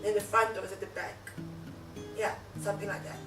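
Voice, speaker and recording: A young South African YouTuber tells a story in casual chat, packed with fillers and laughter. Her mid-range voice stays level and moves fairly quickly. She's off-mic in an echoey room, with faint music behind her.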